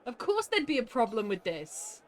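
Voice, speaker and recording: A woman streaming a game live, grumbling and exasperated, quick to laugh at herself. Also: fairly high pitch, big pitch swings.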